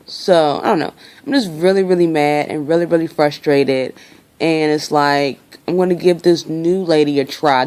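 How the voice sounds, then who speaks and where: A woman's voice: sits low, darkish tone, smooth. A young woman venting her frustration in a casual vlog, talking freely and swearing. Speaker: vlogger.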